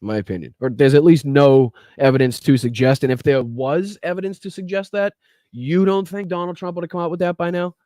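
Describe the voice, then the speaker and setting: A man's voice: a little high, fairly even intonation, a little fast, warm tone, dry recording, clean studio sound. A man hosting a political podcast livestream, talking bluntly and profanely while reacting to clips and greeting chat. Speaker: podcast host.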